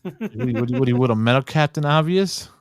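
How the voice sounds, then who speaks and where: A man co-hosting a podcast in casual chat, slangy and quick with short reactions. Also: medium pitch, expressive, dry recording, clean studio sound. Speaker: podcast co-host.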